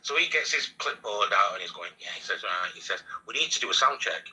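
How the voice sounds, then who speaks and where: A man with a Northern English accent, casually telling lively anecdotes and acting out the lines of the people in them, laughing often. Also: lowish voice, quick pace, husky, rough recording. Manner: animated storyteller acting out quotes, laughing often. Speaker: radio presenter guest.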